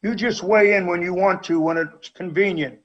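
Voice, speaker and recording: A man's voice: high voice, steady tone, normal speed. A man on a city council, questioning the law director insistently in a council meeting debate. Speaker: council member. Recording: dull lo-fi sound.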